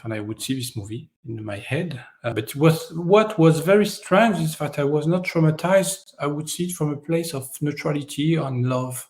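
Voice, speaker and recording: A man whose first language is French, a guest in an interview, telling stories in a lively way and acting out the voices of people in them. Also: on the high side, moderate pace, few pauses. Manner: animated storyteller, acts out voices in his stories. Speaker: guest, energy healer. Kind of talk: storytelling in an interview.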